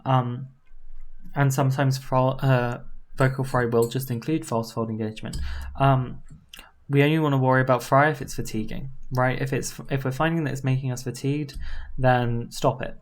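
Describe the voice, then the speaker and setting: A woman voice coach giving a casual, informal lesson, often tagging her points with a quick question and trying out demonstration voices. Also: rumbling low. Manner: relaxed and informal, with frequent fillers and tag questions.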